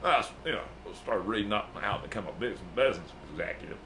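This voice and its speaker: A man's voice: lowish voice, lively intonation, racing, vocal fry, a bit bright, a little hiss or hum. A man playing a brash, profane music manager, rambling and boasting in an improvised comedy bit. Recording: echoey room.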